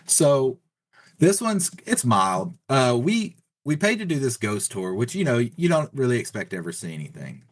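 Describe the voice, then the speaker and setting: A man's voice: medium pitch, very animated, moderate pace. A middle-aged man from Texas, a podcast guest rambling through a casual story with plenty of "you know" and "like.". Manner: rambling, filler-heavy retelling with many "you know" and "like".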